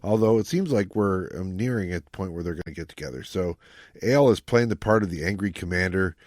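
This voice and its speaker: In a clean studio recording with no echo, a man co-hosts a podcast about a novel, speaking a little fast in a low, darkish voice. His casual book talk is loose and rambling, packed with fillers.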